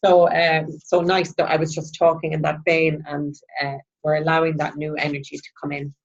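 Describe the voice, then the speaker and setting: A woman's voice: low voice, level tone, moderate pace, vocal fry. A woman, a spiritual mentor, talking through a weekly card reading in a chatty, rambling way with many restarts. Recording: dull lo-fi sound.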